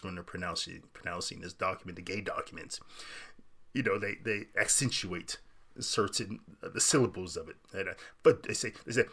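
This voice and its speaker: A middle-aged man hosting an unscripted commentary show, talking in an animated way, laughing and mocking as he goes. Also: on the low side, breathy edge. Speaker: podcast host.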